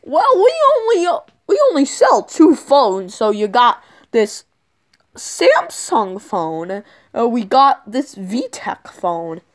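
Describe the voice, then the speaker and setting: A bored phone store clerk, as a woman puts him on in a homemade toy skit. He drags each word out slowly in a somewhat high, flat voice. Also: exaggerated voice.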